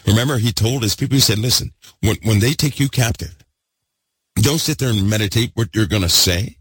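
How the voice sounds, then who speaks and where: A man preaching a fervent sermon, repeating himself and swinging between loud bursts and hushed asides. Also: fairly low pitch, fairly quick, slightly rough, no echo.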